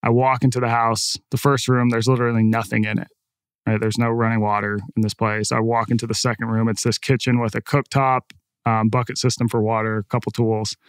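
A man in a casual, animated conversation, guest on a podcast, spinning an anecdote with frequent "like" and "right?" tags. His voice sits at an ordinary middle pitch and is recorded close and dry, with no room sound. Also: fairly quick, clean tone, no room sound. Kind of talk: conversational storytelling.

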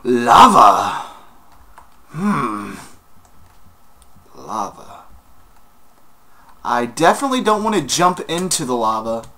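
A man's voice: medium pitch, sharp tone. A young man giving casual commentary as he plays a game, talking playfully to the creatures on screen and breaking into sudden outbursts. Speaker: gaming YouTuber.

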